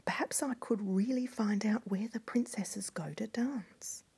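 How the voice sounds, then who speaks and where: A woman's voice: medium pitch, measured pace, creaky, a little mellow, slightly rough, voice pushed up, full character voice. A woman voicing a poor, lame soldier who mutters wryly to himself. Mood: musing. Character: poor, lame old soldier, wry and plucky.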